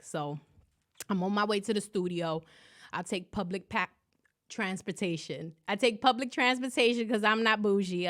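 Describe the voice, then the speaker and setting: Brash New woman hosting a podcast. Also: medium pitch. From New York. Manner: loud, profane, animated storytelling full of slang. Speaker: podcast host. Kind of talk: casual solo podcast monologue.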